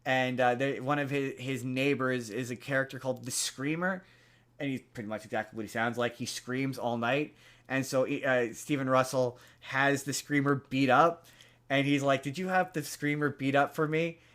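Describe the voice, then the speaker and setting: A man's voice: medium pitch, steady tone, normal speed, a bit bright. A man hosting a podcast, casually retelling a movie plot in a rambling way, with lots of fillers and restarts. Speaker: podcast host.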